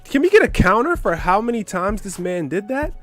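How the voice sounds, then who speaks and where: Man, gaming commentary, trash-talking, profane, a bit high-pitched. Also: sing-song, brisk, a bit bright, soft background music. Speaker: gaming YouTuber. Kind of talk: gameplay commentary.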